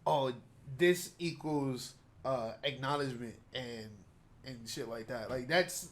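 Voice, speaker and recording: A man's voice: medium pitch, slow pace. A young man co-hosting a podcast, earnest and full of hedging fillers. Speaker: podcast co-host. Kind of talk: casual chat.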